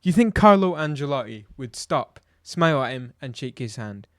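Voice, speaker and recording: Very animated and medium-pitched, this man keeps a moderate pace as he rants through a football match review. Blunt, exasperated, and full of rhetorical questions, the vlog is recorded in a dry studio setting.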